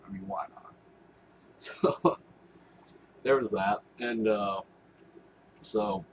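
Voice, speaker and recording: A vlogger talks casually to camera in a fairly low voice, drawing out his words, in audio with cut-off highs and slight background noise. His commentary rambles, with swearing and laughing asides.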